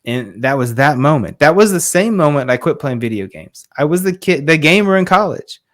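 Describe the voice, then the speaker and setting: A man's voice: fairly high pitch, expressive, a little fast. A man in his thirties, a fatherhood coach, telling a story earnestly and with emphasis as a podcast guest. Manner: earnest, emphatic, quotes others in dialogue.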